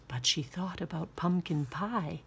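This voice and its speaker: A woman reading a children's picture book aloud with expressive, sing-song narration. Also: lowish voice, unhurried, vocal fry, slight background noise. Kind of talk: storybook read-aloud.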